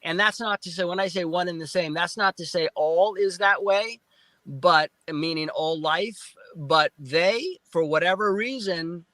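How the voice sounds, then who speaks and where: A man telling a story as a guest, excitable and animated, acting out sounds and quoting himself. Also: sits high, measured pace, dry recording. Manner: excitable, acts out sounds and quotes.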